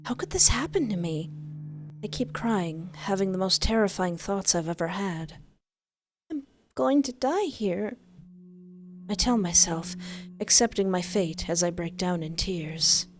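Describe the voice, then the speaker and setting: A woman reading a visual novel aloud in first person, expressive, with exasperated asides. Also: lowish voice, moderate pace. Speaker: game player narrating.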